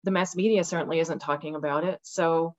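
An older woman speaks in a somewhat low voice, telling stories with passion and putting on voices when she quotes people. The sound is a little dull and lo-fi, like a video call. It is a relaxed, conversational interview. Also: fairly quick. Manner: passionate, animated storytelling with dramatic acted-out quotes. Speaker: podcast guest. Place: rural home with dogs.

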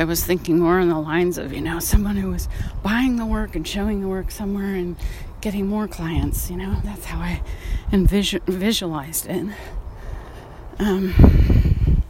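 Slow-talking woman venting outdoors. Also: mid-range voice, animated, background noise. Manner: frank, sighing, swears casually. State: out of breath from walking uphill. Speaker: painter. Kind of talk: casual vlog monologue. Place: outdoors, walking.

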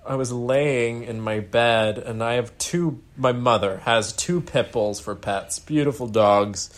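A man's voice: mid-range voice, a little slow. Young man telling a profane story. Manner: swearing, dramatic storyteller. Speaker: podcast co-host. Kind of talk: casual chat. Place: dad's house in Florida.

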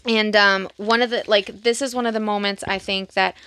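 A young woman co-hosting a podcast, chatting casually about a TV show and quoting lines with quick mimicry. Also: mid-range voice, fairly even intonation, over a noisy crowd. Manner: chatty, quotes lines in bursts of mimicry, many fillers. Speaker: podcast co-host.

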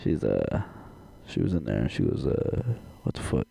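A young adult man co-hosting a podcast, telling crude stories in an animated way and laughing often. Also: very deep voice, normal speed, creaky, slightly rough, dry recording. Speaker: podcast co-host. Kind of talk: casual chat.

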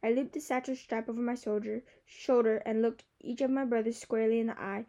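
Female audiobook narrator, slightly high and soft-toned, steady and expressive first-person reading. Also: a little fast, lo-fi sound.

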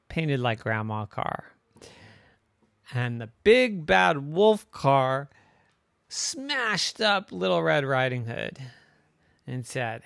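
A man spinning a playful made-up bedtime story at an unhurried pace. His voice has a gravelly edge and swings widely in pitch, heard close in a dry room. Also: no room sound. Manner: slow, playful and animated. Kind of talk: improvised bedtime story narration.

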